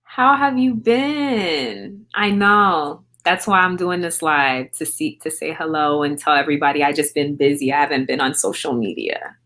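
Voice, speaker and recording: A woman's voice: low-pitched, fairly even intonation, normal speed, few pauses, fairly bright tone. A woman in her thirties with an American accent, casually chatting with viewers on a livestream, greeting them by name and answering their comments. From grew up in England on a US military base. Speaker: livestream host.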